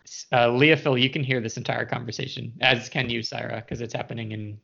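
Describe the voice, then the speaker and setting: A man narrating a tabletop game as game master, chatty and relaxed with many fillers. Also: medium pitch, fairly quick, creaky. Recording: dull lo-fi audio.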